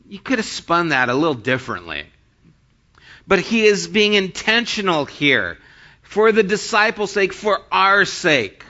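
A man's voice: high-pitched, big pitch swings, a little slow, pushed and bright, highs cut off. A man preaching a sermon as pastor, reading scripture aloud and then retelling it in plain everyday speech.

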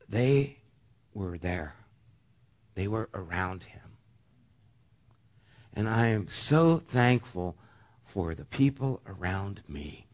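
A middle-aged man preaching a sermon, earnest, rising to loud emphasis and dropping to hushed near-whispers. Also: lowish voice, expressive, slow, pauses often. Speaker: pastor.

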